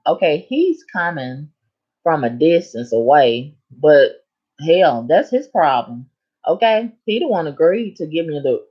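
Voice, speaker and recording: This is a muffled recording of a woman running a laid-back live stream, voicing viewers' comments and answering each with animated, sassy flair and dramatic pitch shifts.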